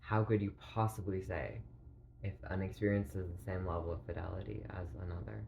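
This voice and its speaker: A man thinking aloud in a rambling philosophical monologue, halting and full of filler words, often clearing his throat. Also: low voice, steady tone, darkish tone, muffled recording, slight background noise.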